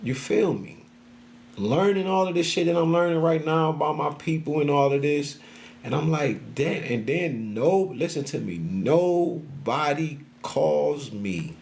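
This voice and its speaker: A man's voice: on the high side, animated, unhurried, creaky, a little mellow. A middle-aged man venting in a casual, profane monologue, often acting out what other people said to him. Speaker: social media creator.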